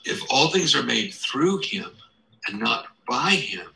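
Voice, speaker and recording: A man's voice: medium pitch, sing-song, slow pace, creaky, sharp tone, roomy sound, slight background noise, low-quality recording. A man giving scripted video narration, explaining step by step with rhetorical questions.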